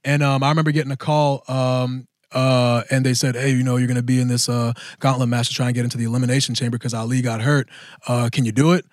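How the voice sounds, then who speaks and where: A middle-aged man, a professional wrestler, telling a story casually and acting out other people in lively voices. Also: fast talker, dry recording, studio quality. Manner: animated, jumps into high silly voices to act out crowds.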